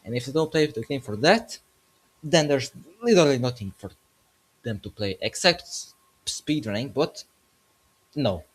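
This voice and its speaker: A man's voice: medium pitch, animated, normal speed, long pauses, husky. A man making a casual gaming commentary video, joking as he goes and correcting himself mid-sentence.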